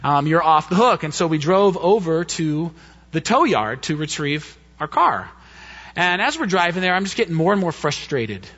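A man preaching, telling a personal story in an animated way and acting out the quotes. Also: on the high side, moderate pace, slightly rough. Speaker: pastor. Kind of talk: sermon storytelling. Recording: dull muffled lo-fi sound.

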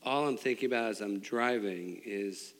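A middle-aged man preaching a sermon, telling a personal story with restarts and swings between loud and hushed. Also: fairly low pitch, normal speed. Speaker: pastor. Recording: long hall reverb.

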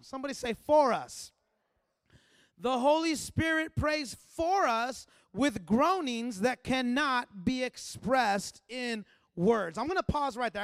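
Male pastor preaching, pitched very high, dry close-miked sound, conversational turning fervent. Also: fairly bright tone, no echo. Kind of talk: sermon.

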